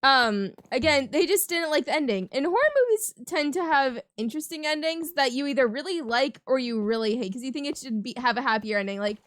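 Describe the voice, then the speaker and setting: High-voiced giggly young woman storyteller. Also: brisk, hardly any pauses, a bit bright, dry recording, studio quality. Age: young adult. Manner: giggly, laughs often mid-sentence; chatty, rambling with restarts. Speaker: gaming channel host. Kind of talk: casual storytelling over gameplay commentary.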